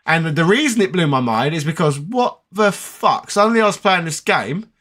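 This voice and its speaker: Bright-voiced chatty man. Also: fairly high pitch, expressive, normal speed. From United Kingdom. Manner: chatty, rambling, with many fillers. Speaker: gaming channel host. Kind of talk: casual live chat answering viewer comments.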